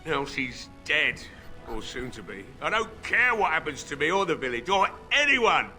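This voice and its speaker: Give me a grieving old blacksmith deep in his cups, voice hard and forceful, grumbling out every line. Quiet music sits under the dialogue. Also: big pitch swings, normal speed, full character voice. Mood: bitter. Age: older. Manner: gruff, weary and bitter. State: drunk. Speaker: game character.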